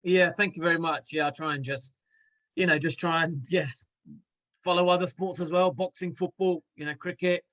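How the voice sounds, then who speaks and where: A man's voice: on the high side, steady tone, moderate pace, a bit bright, low-quality recording. A man who is a former cricketer, a guest in a casual interview, speaking hesitantly with many restarts and fillers.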